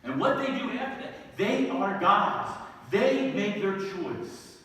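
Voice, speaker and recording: A middle-aged man preaching a sermon as pastor, earnest and building from quiet words to emphatic outbursts. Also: sits high, lively intonation, takes it slowly. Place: church sanctuary. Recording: echoey hall, distant mic.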